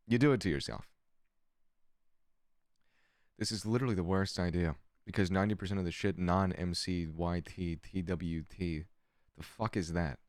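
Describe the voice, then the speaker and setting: A man's voice: sits low, steady tone, a little fast, a little mellow, no echo, studio quality. A man streamer giving sarcastic, profane commentary while reading chat aloud. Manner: sarcastic, swears often, reads chat aloud. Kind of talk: casual livestream commentary.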